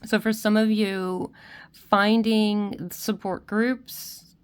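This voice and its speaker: A woman giving a spiritual tarot reading to her viewers. She is tearful and emotional, and she speaks gently with many restarts and soft check-ins. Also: mid-range voice, flat delivery, extremely slow, smooth. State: tearful, crying at times. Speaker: tarot reader.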